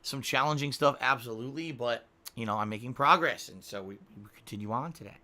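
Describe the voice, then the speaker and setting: A man with a Connecticut accent thanks viewers on a live stream in a bright, forward voice. He talks casually and playfully and laughs often. Now and then he stretches words out for a joke. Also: mid-range voice, brisk. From Connecticut, USA. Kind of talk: live-stream chat reading donations.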